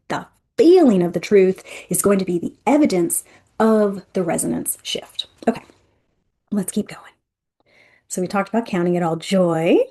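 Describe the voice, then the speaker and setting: Her voice is husky and medium in pitch as she runs an interactive energy workshop, talking in a lively, conversational way straight to the people listening.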